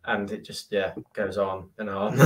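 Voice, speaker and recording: A man's voice: fairly low pitch, expressive, slow pace, over a noisy crowd. A man with a British accent, a podcast guest in casual chat who rattles off long lists and giggles through his stories. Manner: lists things loosely, giggly when telling stories. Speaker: podcast guest, racing driver.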